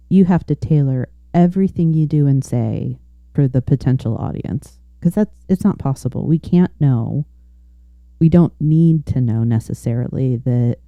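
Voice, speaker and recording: Woman podcast host, super deep voice, thoughtful, dull dry sound. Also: no echo. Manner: affirming, thoughtful. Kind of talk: conversational interview.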